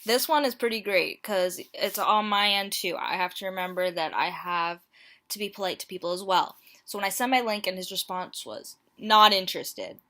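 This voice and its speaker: A young woman talks to camera in a casual vlog, reading dating-app messages and teasing herself about them. Her voice is bright and forward, at an ordinary middle pitch. She comes across as playful and a little self-mocking. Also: normal speed. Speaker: YouTuber. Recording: home mic, plain audio quality.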